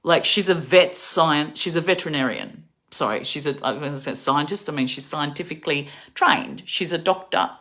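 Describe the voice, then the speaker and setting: A woman's voice: sits low, animated, normal speed, hardly any pauses, fairly bright tone. A middle-aged woman with an Australian accent, ranting angrily and profanely about politics to her viewers, sounding tired. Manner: angry, profane, rambling. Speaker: livestreamer. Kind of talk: political rant to camera.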